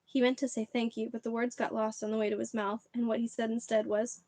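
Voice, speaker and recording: A woman reading a children's book aloud on a livestream, expressive and chatty between chapters. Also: a little high, quick pace, no room sound. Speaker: reader.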